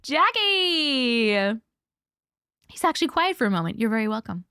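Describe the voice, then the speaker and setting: A woman's voice: a little high, sing-song, a little slow, bright, forceful tone, smooth, dry recording, studio quality. A woman hosting a casual livestream, chatting and greeting viewers by name in a bubbly way. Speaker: livestream host. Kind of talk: casual livestream chat reading comments.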